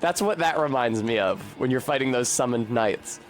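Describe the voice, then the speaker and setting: A man's voice: medium pitch, expressive, moderate pace, faint music behind. A man streaming a video game, chatting casually in a rambling, profane and wry way. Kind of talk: casual gameplay commentary.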